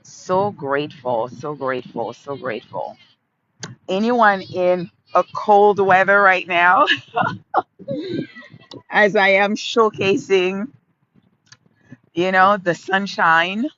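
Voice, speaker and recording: A woman's voice: lowish voice, takes it slowly, a bit bright, muffled recording, a little hiss or hum. A woman in her fifties from Haiti hosting a casual outdoor phone livestream, talking with viewers and repeating her phrases fondly. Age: 50s. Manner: affectionate, repeats phrases, greets viewers by name. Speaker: livestream host. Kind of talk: casual live chat answering viewers. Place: outdoors in a sunny park.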